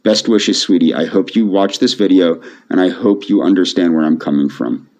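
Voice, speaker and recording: A man speaking softly to camera in a pleading, repetitive, emotionally flat way. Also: low voice, moderate pace. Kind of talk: pleading video monologue. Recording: dull lo-fi video audio.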